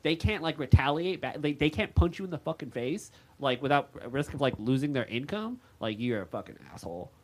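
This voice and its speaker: A man's voice: fairly high pitch, brisk, hardly any pauses. An American man co-hosting a podcast in casual banter, rambling and profane as he tells stories. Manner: rambling, profane, animated storytelling. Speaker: podcast co-host.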